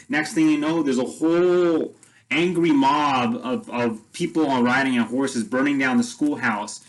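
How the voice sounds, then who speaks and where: In a relaxed, conversational tone, a man retells a story in his ordinary voice, rambling, repeating himself, and relying on filler words. His voice sits in the mid range at a normal speed, and the recording quality is low.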